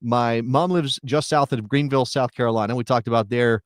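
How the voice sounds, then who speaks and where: A middle-aged man co-hosting a soccer talk show, chatting casually and thinking out loud with rhetorical questions. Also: medium pitch, brisk, dry recording, studio quality. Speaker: soccer podcast co-host. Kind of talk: casual chat.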